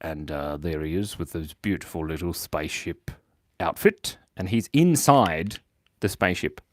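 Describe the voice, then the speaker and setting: A man's voice: low-pitched, lively intonation, normal speed, dry recording. A man hosting a casual drawing livestream, chatting playfully, reading viewer comments aloud and giggling often. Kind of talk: casual live-stream chat while drawing.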